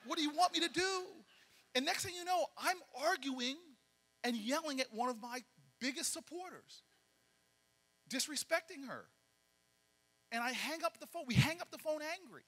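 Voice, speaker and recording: A man tells a story from the stage at a banquet and acts out each voice in an animated way. His voice sits high and sounds bright. It rings through a large hall with long reverb. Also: normal speed, long pauses. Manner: animated storyteller acting out dialogue. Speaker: political speaker.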